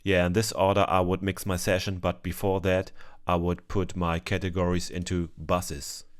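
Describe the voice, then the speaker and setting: A man giving a calm, step-by-step music mixing tutorial over his screen, pausing often with ums. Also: deep voice. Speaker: music producer teaching mixing. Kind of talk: screen-recorded software tutorial.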